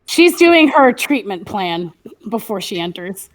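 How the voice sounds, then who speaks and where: A woman's voice: medium pitch, sing-song, a little slow. A woman playing a tabletop role-playing game, chatting animatedly and laughing often. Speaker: player. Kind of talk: tabletop role-play chat.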